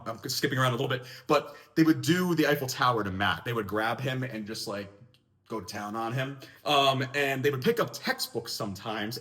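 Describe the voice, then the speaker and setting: A young man telling a school story in a casual vlog, animated and jokey. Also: mid-range voice. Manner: animated, jokey, lively delivery.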